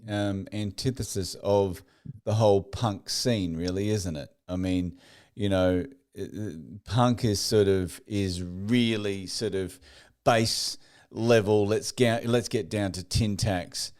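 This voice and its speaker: A man's voice: lowish voice, fairly even intonation, slow pace, a little mellow, clean tone. A male podcast host, laid-back, giving short agreeing replies and swearing casually. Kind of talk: casual interview chat.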